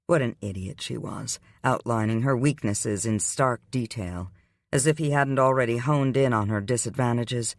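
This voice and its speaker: A man giving the scripted, unhurried narration of a romance audiobook. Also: mid-range voice, gravelly, no room sound, studio quality.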